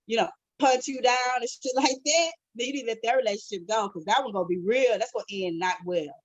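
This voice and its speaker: A woman co-hosting a podcast in casual chat, blunt and profane, telling stories with animated quoted voices. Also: a little high, fast talker, dry recording, muffled recording. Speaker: podcast co-host.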